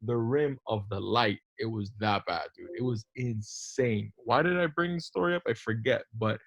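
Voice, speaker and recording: A man's voice: on the low side, normal speed, creaky, a bit bright. A man co-hosting a podcast, telling stories in a laid-back casual way, peppering his talk with "bro" and "dude". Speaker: podcast co-host. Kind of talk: casual chat.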